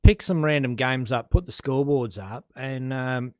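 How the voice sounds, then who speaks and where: An Australian man calls a live darts event with a loose, self-deprecating humor. His voice sits at a middling pitch and is recorded close and dry, with no room around it. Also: normal speed, no room sound. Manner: joking, chatty, self-deprecating. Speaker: darts commentator. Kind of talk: casual live commentary.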